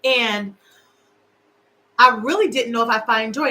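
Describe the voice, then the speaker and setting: A woman's voice: fairly high pitch, a little slow, long pauses, bright, forceful tone, low-quality recording. A middle-aged woman hosting a casual livestream, candid and emotional, talking straight to her viewers. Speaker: show host. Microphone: livestream camera.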